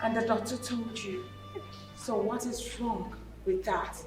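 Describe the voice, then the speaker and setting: A woman's voice: on the high side, fairly even intonation, slow, roomy sound, far from the mic, music in the background. An actress with a Nigerian accent playing a haughty widowed mother who answers her family with dismissive mockery. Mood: scornful. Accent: Nigerian English. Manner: dismissive, mocking. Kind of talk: Nollywood film acting.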